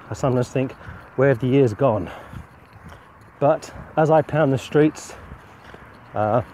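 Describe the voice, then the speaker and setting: A man preaching a walking sermon outdoors on a street, slightly out of breath, earnest and reflective in a measured way. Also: medium pitch, darkish tone, a little hiss or hum.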